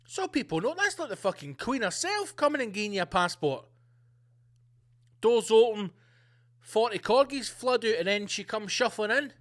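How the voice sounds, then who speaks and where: High-pitched, profane male ranter. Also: moderate pace. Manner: loud, profane, animated ranting. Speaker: podcast host. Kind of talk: comedic rant.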